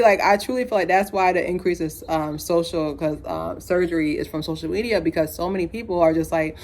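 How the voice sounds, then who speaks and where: Animated low-voiced woman in her thirties. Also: fairly quick, hardly any pauses. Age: 30s. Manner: animated, laughs often, playful asides. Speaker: vlogger. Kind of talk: casual opinion rant to camera.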